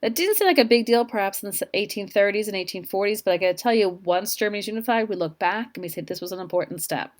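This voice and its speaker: A woman's voice: medium pitch, expressive, fast, few pauses. A woman history teacher giving an informal lecture over slides, chatty, with asides to her students.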